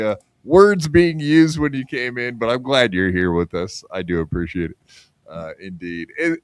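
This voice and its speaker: A man's voice: medium pitch, smooth, no echo. A man hosting a podcast in casual, crude chat, rambling with lots of fillers and poking fun at himself. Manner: rambling, crude, self-mocking, many fillers. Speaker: podcast host.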